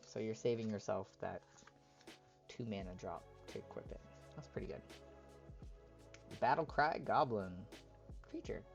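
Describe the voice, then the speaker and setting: A man's voice: fairly low pitch, vocal fry, dull audio. A man on a live stream, chatting casually and reading card text aloud as he opens packs. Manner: reads card text aloud in a relaxed running commentary.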